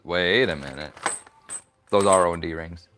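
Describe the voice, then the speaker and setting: With background noise behind him, a low-voiced man talks at a normal speed while hosting a leather crafting stream. He chats playfully and giggles, rambling casually about his leatherwork in the workshop.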